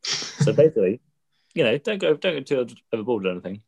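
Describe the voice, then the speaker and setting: A man in casual podcast chat, agreeable and quick, restarting sentences with "yeah". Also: medium pitch, big pitch swings, creaky, darkish tone, breathy edge, poor audio. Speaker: podcast co-host.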